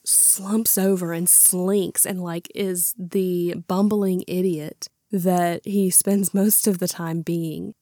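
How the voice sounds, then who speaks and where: A woman's voice: mid-range voice, warm tone, no echo, clean studio sound. A woman hosting a podcast, chatting casually and animatedly about a classic film and retelling its scenes. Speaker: podcast host. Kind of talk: casual movie review chat.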